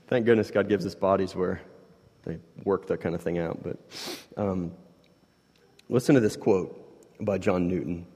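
A man in his thirties preaching a sermon in a casual, conversational way, swinging between hushed and loud. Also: low voice, unhurried, long pauses, breathy edge, long reverb tail. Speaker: pastor.

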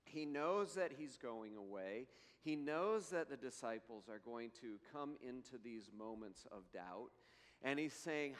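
A man preaching a sermon in an earnest way, slowing down and lifting his voice to read scripture. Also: mid-range voice, animated, long reverb tail. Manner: slow, earnest preaching, rising to emphatic scripture readings. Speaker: pastor.

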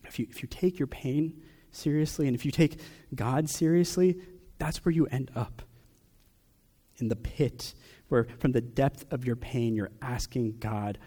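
A young adult man preaching a personal sermon, asking question after question with long pauses. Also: medium pitch, warm tone. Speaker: pastor.

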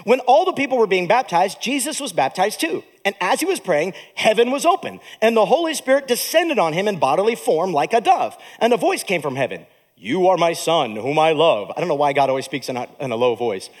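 A male pastor preaching with a high voice that swoops up and down, wide-ranging and animated. He reads scripture and makes joking asides to his congregation in a church. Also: brisk, hardly any pauses. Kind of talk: sermon.

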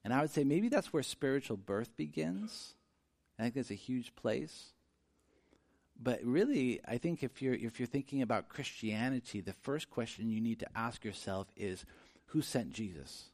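A man preaching a sermon, earnest and conversational, moving from quiet reflection to emphatic, rising delivery. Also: mid-range voice, expressive, moderate pace. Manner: conversational with frequent restarts. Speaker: pastor.

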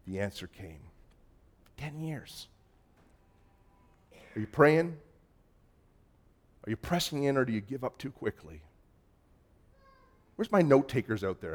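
Loud, emphatic passages give way to hushed ones as this male pastor preaches in a mid-range voice. When quoting others, he acts out their voices.

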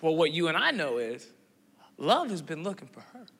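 A man preaches with a bright, forceful voice that rings through a big reverberant church hall. His storytelling stumbles over repeated words, then climbs into excited, preacher-like peaks. He sits a little above the usual pitch for a man. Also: normal speed. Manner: stammering, animated storytelling with acted dialogue. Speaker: pastor. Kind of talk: sermon storytelling.

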